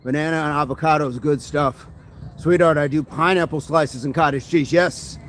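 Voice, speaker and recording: A man's voice: fairly high pitch, fairly even intonation, moderate pace, a bit bright, a little hiss or hum. A man hosting a casual fitness livestream outdoors, upbeat, reading viewer comments aloud and answering them between exercise sets. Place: outdoors by a street with passing traffic. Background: passing vehicles and street ambience.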